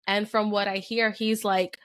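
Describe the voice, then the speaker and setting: A young woman chats on a podcast, spinning a personal story with lots of "like" and "um". Her voice sits at a middling pitch. The recording is dry and close, with no room sound. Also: flat delivery, measured pace, a bit bright, smooth, no echo. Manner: chatty storytelling, many fillers. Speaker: podcast co-host. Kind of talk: casual chat.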